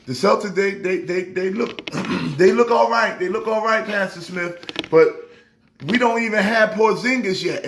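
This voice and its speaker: A pastor with a high, fairly bright voice chats about sports to camera on his casual vlog. He's emphatic and rambles while trash-talking, and the recording has an echoey room sound.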